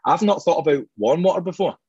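A man's voice: a little high, expressive, a little mellow, husky, no room sound, highs cut off. Chatty Scottish man hosting a whisky tasting. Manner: chatty, jokey, quick and self-deprecating. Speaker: host of a whisky tasting show. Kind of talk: casual tasting chat.

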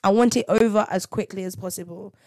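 A young woman hosting a casual faith podcast, telling stories in a lively, dramatic way with frequent laughter. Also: medium pitch, quick pace, no echo, clean studio sound. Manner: animated, laughing, dramatic storytelling. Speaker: podcast host.

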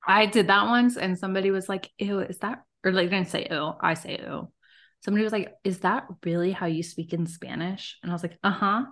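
Bright-voiced, playful young woman. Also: mid-range voice. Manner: playful, teasing, quick to laugh. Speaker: podcast co-host. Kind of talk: casual chat.

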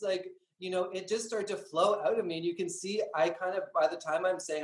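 A man's voice: high voice, normal speed, few pauses. A man, a drag queen guest, talking candidly and dramatically in an interview, full of swearing and acted-out quotes. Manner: profane, dramatic, acts out his own lines. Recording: roomy echo.

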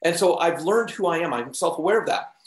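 A man's voice: a little high, a little fast. A man being interviewed, telling stories casually and acting out the voices of the people in them. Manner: animated, acts out the voices in his stories. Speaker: interview guest. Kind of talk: casual storytelling. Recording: roomy echo.

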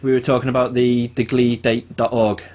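Podcast co-host, male, mid-pitched, relaxed, filler-heavy storyteller. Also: moderate pace. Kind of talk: casual podcast chat.

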